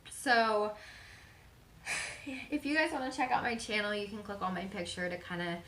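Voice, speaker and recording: A woman's voice: medium pitch, steady tone, moderate pace, a bit bright, a little hiss or hum. A young woman vlogger talking openly and earnestly about her life, chatty with frequent fillers. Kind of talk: personal confessional vlog. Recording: echoey room.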